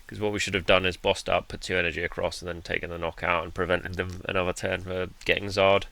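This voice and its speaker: A man's voice: sits low, little pitch movement, fast talker, creaky, pushed and bright, dry recording. A man giving laid-back, self-deprecating commentary over his own card game match, with the odd bit of mild swearing. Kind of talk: casual gameplay commentary.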